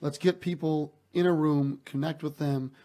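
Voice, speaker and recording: Man, fairly high voice, earnest, emphatic, interview guest. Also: fairly even intonation, normal speed, warm tone. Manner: earnest, emphatic, repeats words when starting. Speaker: basketball team executive, guest. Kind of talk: interview answers.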